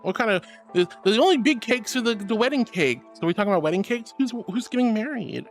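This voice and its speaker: Man, VTuber streamer, high voice, very lively pitch, affectionate pet names, reads chat aloud, faint background music. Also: fast. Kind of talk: casual live-stream chat. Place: VRChat stream.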